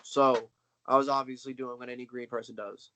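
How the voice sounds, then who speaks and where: A man's voice: medium pitch, level tone, brisk, bright, forceful tone, slight background noise, poor audio. Slangy young man telling stories on a call. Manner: slangy, boastful storyteller. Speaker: wrestler, interview guest. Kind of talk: casual video-call interview. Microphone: video call.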